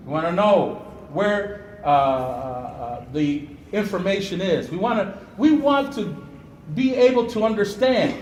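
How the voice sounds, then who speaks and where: A man's voice: high-pitched, lively intonation, measured pace, a little mellow. A man speaking at a press conference, with a fiery, preacher-like delivery that climbs into outrage. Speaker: community activist at press conference. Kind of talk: impassioned press conference statement. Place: indoor hall at a press conference. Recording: echoey hall with faint room noise.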